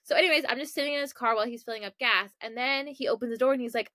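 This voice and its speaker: A woman's voice: a little high, racing, bright, forceful tone, no room sound, studio quality. A young woman from Maryland, hosting a podcast and telling a story in a chatty, self-mocking way with lots of asides. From Maryland, USA. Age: young adult. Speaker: podcast host. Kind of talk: casual storytelling.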